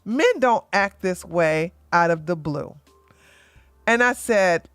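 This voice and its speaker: A woman hosting an opinionated commentary show, talking bluntly and emphatically, often tagging points with "okay?" and getting loud when she acts out arguments. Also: fairly low pitch, slow pace, smooth, dry recording, soft background music. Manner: gets loud and animated when acting out arguments. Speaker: commentary channel host.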